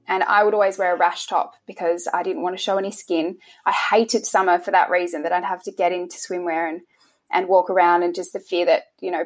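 A young woman, interviewed about her past, speaking in a soft, halting way and often restarting her sentences. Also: fairly low pitch. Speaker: interview guest. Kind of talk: emotional personal interview.

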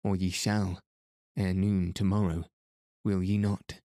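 A man's voice: sits low, level tone, takes it slowly, mellow, no room sound, clean studio sound. A man reading the part of an ardent young knight in a storybook, speaking in earnest, old-fashioned courtly words. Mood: tender. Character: ardent young male knight, humbled but joyful. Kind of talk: audiobook reading.

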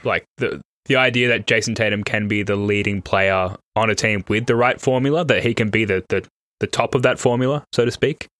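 A man hosts a casual podcast chat and rambles through his thoughts, correcting himself as he goes. His voice is fairly low, and he lifts it when he gets excited. The recording is dry and close. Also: a little fast, no echo. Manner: rambling, self-correcting, enthusiastic. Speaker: podcast host.

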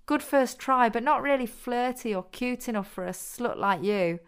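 A bossy young woman barks out instructions and teases without mercy, as a woman reader puts her on. The voice sits well above the reader's own, loud and clear, pushed forward with a smooth tone. It comes across as a storybook reading. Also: fairly high pitch, moderate pace, pitched above the performer's own voice, lightly acted. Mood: teasing commanding. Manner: commanding, instructive.

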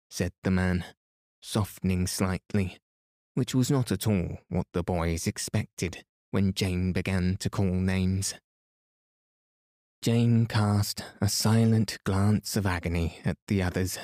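A man narrating a bedtime story in a calm, soothing reading voice as the podcast host. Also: deep voice, slow, no room sound, studio quality.

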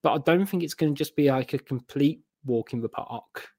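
A man's voice: on the high side, fairly quick, vocal fry, mellow, dry recording, studio quality. A man speaking as a football fan guest in a casual podcast chat. He hedges and restarts his sentences as he talks. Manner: rambling, hedging with restarts.

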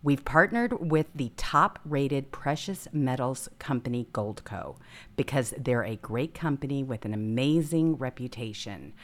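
A woman with a strikingly deep voice hosting a political talk show. She speaks emphatically in punchy asides and often chimes in to agree with her co-host. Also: expressive, measured pace.

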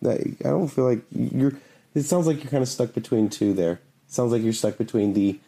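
A man's voice: mid-range voice, steady tone, vocal fry, dark tone, husky. A man in casual conversation who teases and challenges the other speaker. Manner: teasing, quick to challenge. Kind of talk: casual banter.

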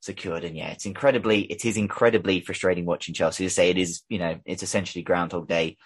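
Guy hosting a fan podcast, rambling fast and fed up, husky lowish voice. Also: steady tone. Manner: fast, rambling, frustrated, many fillers and restarts. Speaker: podcast host. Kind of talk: casual fan podcast chat.

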